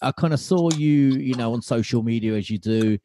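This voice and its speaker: Mellow-voiced podcast host. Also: male voice, mid-range voice, a little fast, slight background noise. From Kent, England. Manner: friendly, hesitant, many ums. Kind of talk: casual interview chat.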